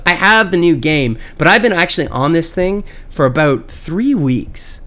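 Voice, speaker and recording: A young man chats on a comedy podcast in loose, joking banter, his voice sitting a little high for a man. He swears freely and blows small things up for laughs. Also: lively intonation, moderate pace, fairly bright tone. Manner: swearing, playful exaggeration. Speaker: podcast co-host.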